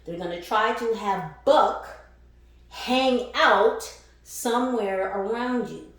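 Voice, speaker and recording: Woman spiritual reader: slow, blunt and profane, laughs often, recorded in a very echoey room. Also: fairly high pitch. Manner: emphatic, repeats phrases for effect. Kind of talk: casual spiritual reading to camera.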